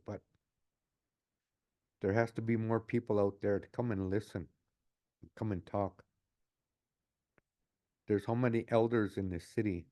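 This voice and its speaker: Older guy near seventy, lowish mellow voice, earnest reflective interview talk, repeats himself a lot. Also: steady tone, measured pace, long pauses. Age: 60s. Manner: earnest, repeats his phrases. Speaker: community advocate.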